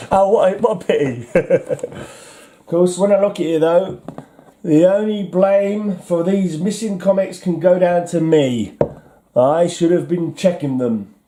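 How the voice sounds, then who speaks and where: An English man chatting casually as he counts through his comic collection, with a wry, self-mocking chuckle in his talk. His voice sits a little high for a man, yet the tone is very dark and mellow.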